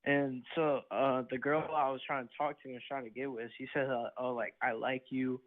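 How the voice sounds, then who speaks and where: A teenage boy calls in to tell his problem, stopping and restarting his sentences as he goes. His voice sits at an ordinary pitch and comes through a thin, phone-like line. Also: steady tone. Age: teen. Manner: hesitant, halting storytelling. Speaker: caller.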